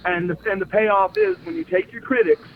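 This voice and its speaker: Guy telling wrestling stories, high voice, tinny phone line with some hiss, acts out every quote. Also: fairly quick, creaky. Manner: animated storyteller, acts out quotes, laughs often. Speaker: interview guest, former wrestler. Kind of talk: casual storytelling interview. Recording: phone-line audio with faint noise.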